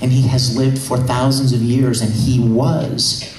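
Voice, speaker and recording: An animated man at a convention panel, telling a story with feeling and tripping over his words. His mid-pitched voice echoes around a large room, with faint hiss underneath. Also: unhurried, far from the mic. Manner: animated, emotional retelling with many restarts. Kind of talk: enthusiastic storytelling. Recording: echoey hall, faint noise.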